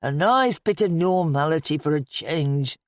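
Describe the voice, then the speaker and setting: A woman voicing a weary but kindly middle-aged father with a wry, calm manner. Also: deep voice, unhurried, no room sound, studio quality.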